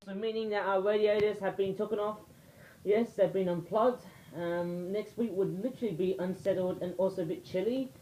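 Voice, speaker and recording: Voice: mid-range voice, fairly even intonation, moderate pace, dark tone, a little hiss or hum, poor audio. Toy reviewer from the UK, British accent, casual vlog delivery, wanders off on tangents. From United Kingdom. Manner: rambling, digressive, with frequent asides.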